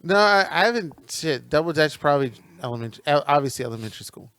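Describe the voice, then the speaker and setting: A man's voice: fairly high pitch, expressive, fast talker, a bit bright. A man co-hosting a podcast in casual banter, joking and laughing often mid-sentence, recorded at a friend's house. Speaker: podcast co-host.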